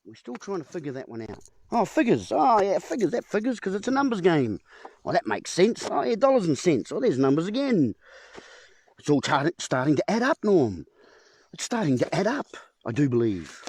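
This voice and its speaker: A man's voice: sits high, huge pitch swings, normal speed, darkish tone, slightly rough. A man rambling to camera at home, playing with puns and calling his viewers folks. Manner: playful, punning, addresses viewers as folks. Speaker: video host. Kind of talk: rambling wordplay monologue to camera. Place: at home with a whiteboard. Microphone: camera in front of him.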